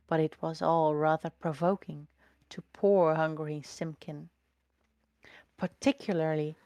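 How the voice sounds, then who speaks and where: A woman reading a storybook aloud in a slow, lilting, expressive way. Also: low-pitched, no room sound.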